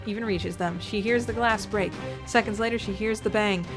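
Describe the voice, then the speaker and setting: A woman's voice: medium pitch, fairly even intonation, moderate pace, music in the background. A woman reading a story aloud, theatrical and sarcastic, with asides to the listener. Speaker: reader reacting to fan fiction.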